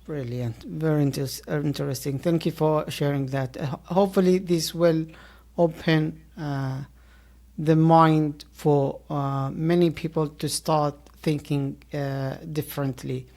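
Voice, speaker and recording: A woman hosting a podcast interview, asking questions in a halting way with many hesitations. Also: low voice, steady tone, dark tone. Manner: halting, many "uh" fillers, formal praise. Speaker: podcast host.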